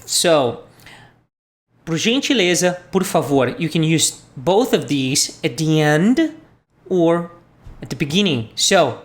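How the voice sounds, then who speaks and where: Slow, patient teacher woman. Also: sits low, animated. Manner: patient, repeats phrases for learners. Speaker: language teacher. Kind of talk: slow spoken language lesson.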